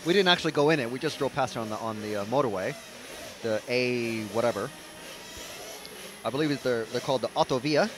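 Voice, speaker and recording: A man's voice: medium pitch, fairly quick, pauses often, background noise. A man giving casual, rambling live race commentary with lots of fillers. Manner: chatty, rambling, with frequent fillers. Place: outdoor racetrack, trackside.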